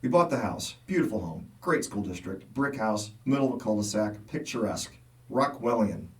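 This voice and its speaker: A man's voice: on the low side, moderate pace, distant mic. A middle-aged man co-hosting a casual local podcast, telling stories with quoted dialogue and frequent laughs. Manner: animated storyteller, laughs often, acts out quotes. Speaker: podcast co-host. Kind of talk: casual chat.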